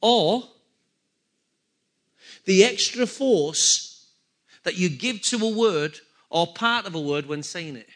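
A man's voice: high-pitched, animated, slow, long pauses, fairly bright tone. A man preaching a sermon to a congregation, repeating key phrases and asking them questions. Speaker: pastor.

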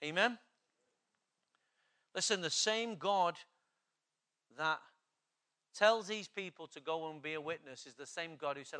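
A male pastor, preaching an urgent, exhorting sermon that builds to loud, emphatic passages. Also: a little high, measured pace, long pauses.

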